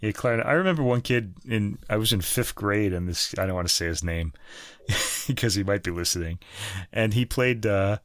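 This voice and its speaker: Chatty low-voiced male podcast co-host. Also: normal speed, a bit bright, dry recording, studio quality. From United States. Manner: chatty, rambling, laughs at his own jokes. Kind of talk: casual chat.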